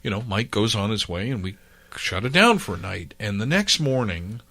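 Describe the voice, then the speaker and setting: Bright, lively Canadian storyteller man. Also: on the low side, moderate pace, no room sound. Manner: animated anecdote-teller, acts out dialogue. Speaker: podcast guest, former team PR man. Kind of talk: casual storytelling.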